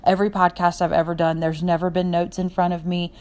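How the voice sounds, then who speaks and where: A young adult woman hosts a podcast, delivering an unscripted personal monologue that is heartfelt and rambling and skips from one point to the next. She talks fast in a lowish, darkish voice with little pitch movement.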